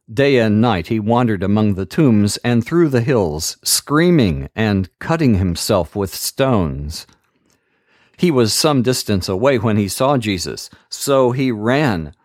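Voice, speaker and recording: Give me a man reading scripture slowly and earnestly in a daily Bible podcast, with a dry, close sound. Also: lowish voice, darkish tone, no room sound. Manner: slow, measured, earnest reading. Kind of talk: scripture reading and short devotional comment.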